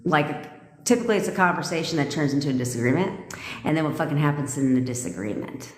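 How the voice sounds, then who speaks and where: A woman's voice: deep voice, lively intonation, fast talker. A woman coaching viewers on a live stream, blunt, emphatic and full of swearing. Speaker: manifestation coach. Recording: echoey room with long reverb.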